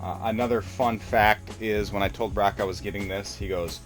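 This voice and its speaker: A man with a somewhat low voice hosts a casual toy collecting vlog. He talks in an excited, rambling way and often restarts his sentences. Faint music plays beneath his voice. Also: normal speed.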